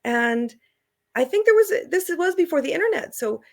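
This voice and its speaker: A woman's voice: very high-pitched, very animated, moderate pace. A middle-aged woman, an author and traveler, telling stories in a casual interview, chatty and laughing often as she acts out the people she quotes.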